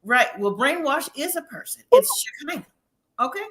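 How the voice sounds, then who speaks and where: A woman's voice: high voice, very animated, normal speed, crowd noise. A woman hosting a casual live review chat, opinionated and chatty, laughing often. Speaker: host.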